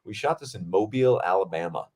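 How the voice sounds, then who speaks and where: A man hosting a podcast, telling a set story in a casual, animated way, with frequent swearing and fillers. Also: deep voice, fast talker. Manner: animated, profane, lots of fillers. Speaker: podcast host.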